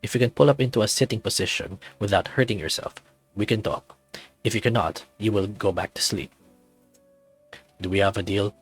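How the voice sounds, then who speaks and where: A man voicing a large, caring brown male werewolf who speaks softly and formally. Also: fairly low pitch, fairly quick, breathy edge, soft background music. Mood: reassuring. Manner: soft, reassuring, formal.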